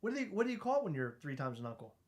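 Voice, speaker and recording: A man co-hosting a podcast in casual chat, loud, joking and teasing. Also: fairly high pitch, sing-song, very fast. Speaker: podcast co-host.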